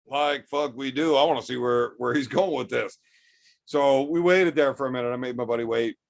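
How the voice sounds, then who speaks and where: A man's voice: mid-range voice, normal speed, creaky. A middle-aged man hosting a livestream chat, telling a rambling, profane story while a bit tipsy. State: drinking, tipsy. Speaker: livestream host reading chat.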